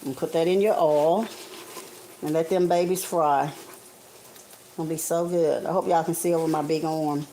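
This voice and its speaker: A woman's voice: low-pitched, steady tone, moderate pace, pauses often, warm tone, rough recording. A woman, talking viewers through a recipe in a casual, homey live cooking stream from her kitchen. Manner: chatty and homey, calls viewers honey and guys. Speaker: home cook streaming live. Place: home kitchen, frying on the stove. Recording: faint kitchen noise with frying sizzle.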